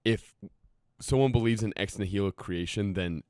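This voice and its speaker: This man has a lowish voice and a laid-back, friendly tone, nudging the others to keep going. The recording is dry and close-miked. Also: normal speed, mellow, clear, resonant tone, no room sound. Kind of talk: casual podcast discussion.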